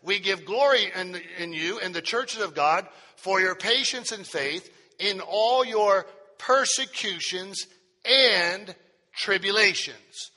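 A man preaching a sermon to a congregation, drawing out key phrases with slow, emphatic weight. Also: high-pitched, pushed and bright. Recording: long hall reverb.

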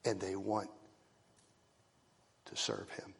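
A husky, fairly low male voice preaching a sermon from the pulpit. He moves between ringing calls and hushed, almost whispered passages. The sound carries a long reverb, as in a church sanctuary. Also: little pitch movement, takes it slowly. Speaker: pastor.

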